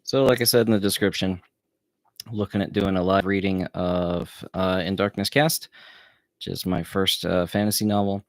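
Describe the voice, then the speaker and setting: A man, an author at home, chatting casually and quickly on a live stream with mumbled asides before reading his novel. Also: sits low, fairly even intonation, no echo.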